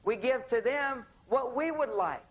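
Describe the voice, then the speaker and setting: Animated man telling a relationship story. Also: extremely high pitch, a little slow, rough recording. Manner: animated storyteller acting out dialogue. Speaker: relationship author speaking on stage. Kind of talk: seminar talk with storytelling.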